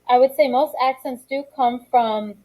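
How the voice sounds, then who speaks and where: In a school classroom, a woman with a high, warm voice and fairly even intonation teaches social studies at normal speed, captured on poor audio. She reads from the textbook and discusses it with students, calling on them encouragingly and using frequent fillers.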